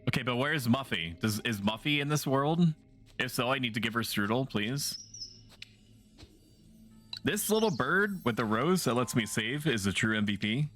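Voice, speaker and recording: This gaming streamer has an expressive, slightly bright mid-range voice and speaks at a normal speed over soft background music. His casual livestream chat is playful and meandering, full of jokes at his own expense.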